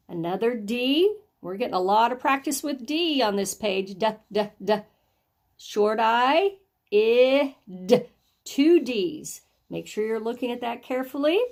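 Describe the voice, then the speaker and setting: A woman with a fairly high-pitched voice guides young children through phonics and handwriting. She cheers them on and pronounces every word slowly, sound by sound.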